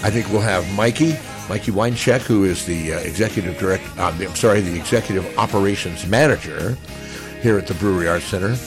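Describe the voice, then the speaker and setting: A man's voice: sits low, fairly quick, over music. Folksy older male radio host. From Nevada, United States. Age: 60s. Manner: upbeat, folksy announcer patter. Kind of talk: live radio pre-show chat. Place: outdoors at a parking lot concert stage.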